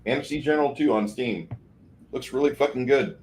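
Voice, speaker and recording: A man in a casual livestream chat who talks about games in an offhand, relaxed way. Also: mid-range voice, a little fast, poor audio.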